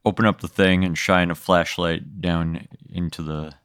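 A lower-voiced man works through a hypothetical out loud, pausing and hedging as he plans each step. The recording is close and dry, with no room echo. His manner is deliberate and casual. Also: steady tone, clean tone. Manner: deliberate, thinking aloud with hesitations. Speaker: podcast guest. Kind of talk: casual improvised conversation.

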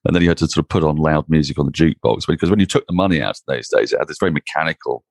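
A man with an extremely low voice and a gravelly edge tells lively, self-deprecating stories as an interview guest. The recording is dry and close, with no room sound. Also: rapid-fire, no room sound. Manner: animated, self-mocking raconteur with frequent restarts. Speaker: cricket commentator, podcast guest. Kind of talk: anecdotal interview storytelling.

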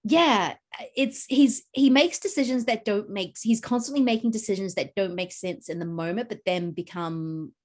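A woman's voice: medium pitch, moderate pace. A woman chatting enthusiastically about a film, rambling with many fillers. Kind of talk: casual film discussion.

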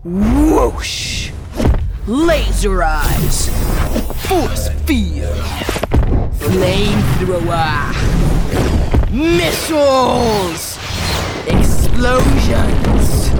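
A woman voicing a cocky young male superhero who insists on fighting alone, shouting out his own sound effects. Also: medium pitch, expressive, slow pace, pauses often, loud music behind the voice. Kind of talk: family audio drama acting.

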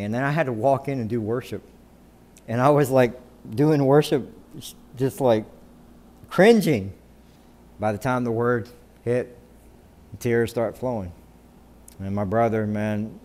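A man's voice: medium pitch, a little mellow, slight background noise. A middle-aged man preaching a sermon in a conversational way, often checking in with "right?" and restarting his sentences. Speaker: pastor.

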